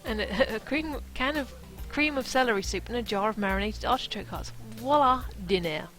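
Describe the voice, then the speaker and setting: A woman's voice: a little high, fairly quick, fairly bright tone, soft background music, low-quality recording. Playful woman reading a novel aloud. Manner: playful, chatty asides between reading.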